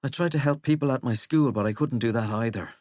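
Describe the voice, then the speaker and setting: A man's voice: mid-range voice, fast talker, darkish tone, dry recording, clean studio sound, lightly acted. A man voicing an earnest, hesitant teenage boy. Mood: downcast.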